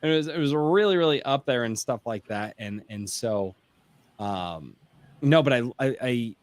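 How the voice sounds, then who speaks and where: Brief: author at a round table, middle-pitched baritone man, eager, restarts a lot, dry close mic. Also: animated, a little slow, dry recording. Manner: enthusiastic, rambling, many restarts. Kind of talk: casual round-table chat. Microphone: home mic through a mixer, bass boosted.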